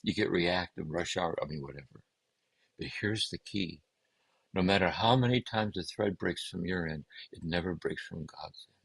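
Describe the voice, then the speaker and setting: A man speaking as a guest, giving a gentle, meditative talk on contemplative prayer and often circling back to repeat his phrases. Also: deep voice, moderate pace, vocal fry, husky, no room sound, low-quality recording. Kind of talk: reflective spiritual teaching.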